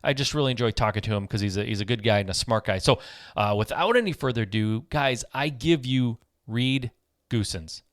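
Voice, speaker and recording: A man's voice: medium pitch, brisk, no echo, clean studio sound. A man hosting a podcast, introducing his guest in an upbeat, chatty way. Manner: upbeat, chatty, frequent fillers. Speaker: podcast host.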